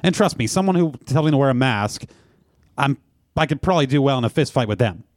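Quick, sardonic man with a lively voice. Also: medium pitch, no echo, clean studio sound. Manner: sardonic, deadpan jokes. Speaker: podcast co-host. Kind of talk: casual chat.

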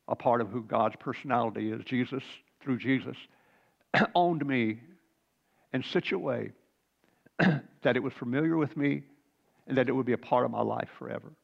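Man in his 60s, gravelly, delivering a fervent faith testimony on a dull, lo-fi recording. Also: mid-range voice, moderate pace, pauses often. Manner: earnest, fervent storytelling with throat-clearing and repeated words. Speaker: Christian speaker sharing a testimony. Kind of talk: emotional spiritual testimony.

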